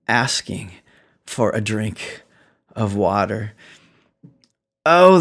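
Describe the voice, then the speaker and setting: A man preaching a sermon, animated and chuckling, acting out the lines of people in the story as he retells it. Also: on the high side. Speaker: pastor.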